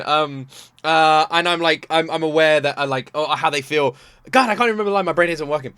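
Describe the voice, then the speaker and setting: A man hosting a reaction video from home, gushing and animated, stumbling over his words as he talks. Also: on the high side, quick pace, clean tone, no echo, clean studio sound. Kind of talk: excited casual reaction commentary. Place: room at home by a sunny window.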